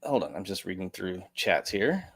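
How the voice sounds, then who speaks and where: An American man hosting a live stream, reading chat messages aloud in a relaxed, joking way. His voice rises and falls animatedly as he rambles on. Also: deep voice, normal speed, husky. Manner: lively, joking, chatty. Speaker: livestream host. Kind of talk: casual chat, reading donations.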